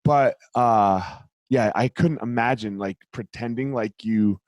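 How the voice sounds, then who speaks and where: A man hosting a casual interview show, rambling through questions, swearing casually, and growing animated when telling stories. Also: medium pitch, a little slow. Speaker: podcast host.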